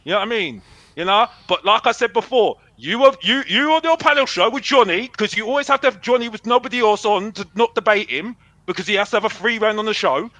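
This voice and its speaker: A young man rants defiantly as a caller on a football fan show, circling back to the same points again and again. His voice sits high and bright. The sound is close and dry, with no room around it. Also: fast talker, no echo, poor audio. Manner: repetitive, defiant, says bruv a lot. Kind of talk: heated fan rant.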